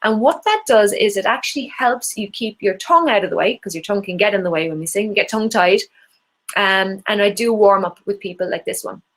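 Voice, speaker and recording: A woman's voice: mid-range voice, expressive, fairly quick, fairly bright tone. A woman with an Irish accent teaching an online singing workshop, encouraging and demonstrating vocal exercises. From Ireland.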